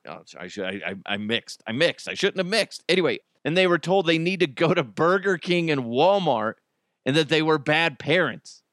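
A man's voice: a little high, animated, normal speed, a bit bright, no room sound, studio quality. A man with kids hosting a casual comedy podcast, chatting wryly about the news with lots of asides and restarts. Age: adult with children. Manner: chatty, wry, rambling, frequent restarts and asides. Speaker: podcast host.

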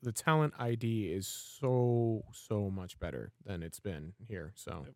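A man co-hosting a casual fan podcast about his club, relaxed and quick to laugh. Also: on the low side, no echo, studio quality. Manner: laid-back, joking, quick to laugh. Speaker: podcast co-host.

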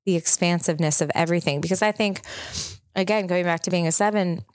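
A woman's voice: on the low side, fast talker, clean tone, no echo, clean studio sound. A woman in her thirties hosting a podcast, telling a personal story in a chatty, open, reflective way. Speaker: podcast host. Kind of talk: casual chat.

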